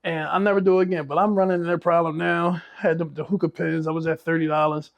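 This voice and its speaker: A man's voice: on the high side, level tone, quick pace, gravelly, dull audio. A man, a business owner telling blunt, profane stories in a casual podcast chat.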